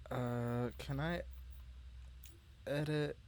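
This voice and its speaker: A man giving casual let's-play commentary, a little tipsy, rambling and apologetic, with sudden excited outbursts. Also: medium pitch, drawn-out words. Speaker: gamer playing through a video game. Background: game music.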